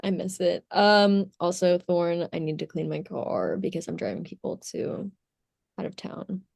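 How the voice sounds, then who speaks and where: Bubbly young woman with a gravelly voice. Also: lowish voice, steady tone, unhurried, darkish tone, dry recording, clean studio sound. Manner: bubbly, laughs often. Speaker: podcast co-host, youth leader. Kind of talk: casual chat. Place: home, on a call.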